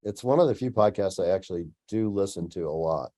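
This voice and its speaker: A man hosting a podcast interview in a relaxed, chatty way, often letting his sentences trail off softly. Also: low-pitched, fairly quick. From Tucson, United States. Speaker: podcast host. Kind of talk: casual interview chat.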